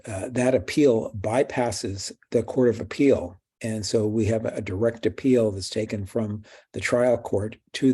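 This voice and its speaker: A man giving a recorded law lecture, halting often with fillers and restarts. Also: on the low side, mellow, husky.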